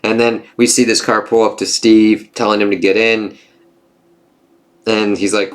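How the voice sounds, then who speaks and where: A man's voice: on the low side, level tone. A man casually reviewing a comic book, reading dialogue aloud and reacting with frequent swearing. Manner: profane, reads dialogue aloud with quick reactions.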